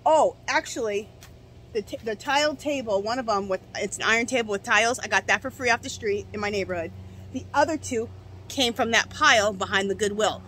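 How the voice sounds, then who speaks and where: A woman's voice: a little high, fairly bright tone, slight background noise, rough recording. A middle-aged woman with the hiccups, chatting casually and rambling through a do-it-yourself garden tutorial outdoors, with the camera set down some way off. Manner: chatty, rambling, many restarts and asides. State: hiccups and coughing. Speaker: garden vlogger. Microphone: camera set down at a distance.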